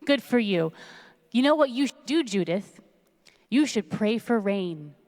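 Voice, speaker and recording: A bluff small-town male sheriff who soothes the crowd and talks down to people, as a woman storyteller puts him on. the voice sits at a middle pitch with a long reverb trailing off it. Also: animated, a little slow, darkish tone, natural voice. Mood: placating. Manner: placating, patronizing. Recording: long reverb in a large hall.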